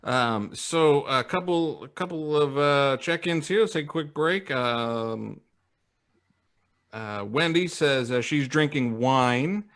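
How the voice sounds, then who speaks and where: Man co-hosting a casual beer podcast. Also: on the high side. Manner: relaxed, halting, many fillers, reads viewer comments. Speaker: podcast co-host. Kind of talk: casual live-stream chat.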